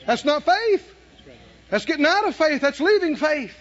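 A man preaching a sermon, emphatic, dropping to a hush and then rising to shouts. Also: extremely high pitch, sing-song, normal speed, muffled recording. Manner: emphatic, swinging from hushed to shouting, with laughs.

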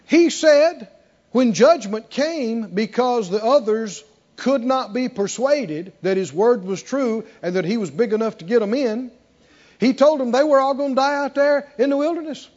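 A man preaching a sermon with animated emphasis, often asking the congregation questions. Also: extremely high pitch, normal speed. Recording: dull lo-fi recording.

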